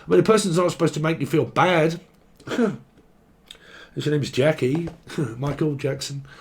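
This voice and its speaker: A man's voice: a little high, normal speed. A man giving a casual tarot reading who rambles playfully, acts out quoted voices and swears freely. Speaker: tarot reader.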